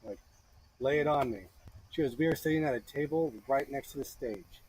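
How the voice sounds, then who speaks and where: A man in his thirties telling a lively story to a friend in a workshop, acting out the voices of the people in it. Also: medium pitch, brisk, a little hiss or hum, rough recording. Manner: animated, acts out voices in his stories. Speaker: blacksmith teaching a friend. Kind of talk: casual storytelling. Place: forge workshop.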